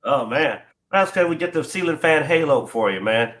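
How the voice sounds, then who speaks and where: A man with a bright, forceful, slightly high voice co-hosts a casual livestream chat. He tells stories animatedly and laughs often. He is heard over an online voice call. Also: animated, normal speed. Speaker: co-host.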